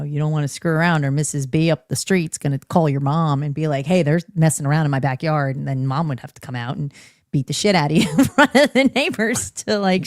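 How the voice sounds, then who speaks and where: A podcast co-host making quick jokes, laughing often and reading out chat comments in casual talk. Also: medium pitch, gravelly, no echo, clean studio sound.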